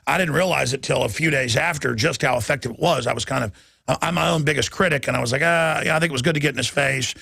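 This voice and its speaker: A man hosting a talk radio show, talking emphatically and rushing, with frequent restarts. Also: medium pitch, vocal fry, husky, no room sound. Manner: emphatic, fast, repeats words when excited. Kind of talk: rambling talk radio monologue; read-out advertisement.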